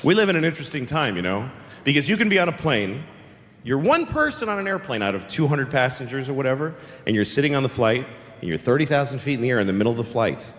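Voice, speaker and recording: A man doing live stand-up comedy, animated and acting out voices and sound effects. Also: mid-range voice, quick pace, slight background noise. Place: large live comedy venue. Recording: reverberant live venue with faint ambience.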